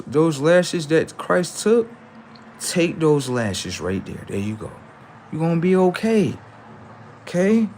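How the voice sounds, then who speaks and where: A man hosting a livestream, ranting in a preachy, confrontational way and talking back to his chat, swinging from loud outbursts to low mutters. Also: slight background noise. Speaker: livestream host. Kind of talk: casual livestream rant.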